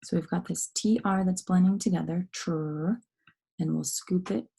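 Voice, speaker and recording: A woman's voice: lowish voice, steady tone, fairly quick, vocal fry, warm tone, husky, rough recording. A woman teaching a phonics lesson to young children, patiently sounding out letters and syllables and encouraging them as she goes.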